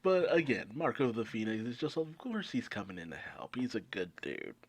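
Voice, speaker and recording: A man reviewing a manga chapter in casual, animated commentary, swearing freely. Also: medium pitch, moderate pace. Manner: animated, swearing, fan excitement.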